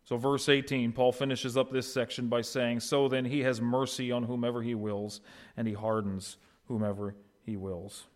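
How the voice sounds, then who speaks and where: A man preaching an expository sermon as pastor, swinging between quiet, low passages and loud, raised ones. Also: little pitch movement, moderate pace. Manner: swings from quiet to loud, acting out quoted voices.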